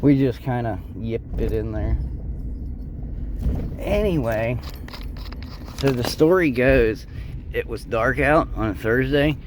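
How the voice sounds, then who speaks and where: Speaking slowly at a medium pitch with frequent pauses, this scrap picker vlogger jokes and rambles through a casual vlog, imitating his viewers in mock voices. He digs through trash at the curb after dark, getting winded now and then, and also talks from inside a vehicle. Outdoor night noise fills the recording.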